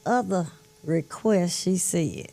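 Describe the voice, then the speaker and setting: A woman, a guest on a talk show, chatting and telling a lively family story. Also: on the low side, takes it slowly, vocal fry. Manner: animated storyteller, laughs while talking. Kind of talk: casual chat.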